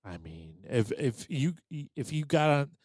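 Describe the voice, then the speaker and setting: A man's voice: mid-range voice, very animated, measured pace, a little mellow. A man hosting a comedy podcast, ribbing his co-host with sarcastic, mock-indignant banter.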